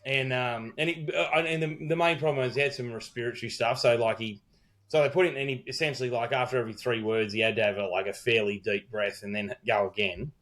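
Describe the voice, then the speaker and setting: A man's voice: mid-range voice, fairly even intonation, fast talker, a bit bright. A middle-aged Australian man, a wedding celebrant, co-hosting a podcast and telling a rambling story full of quoted dialogue and swearing. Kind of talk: casual storytelling chat.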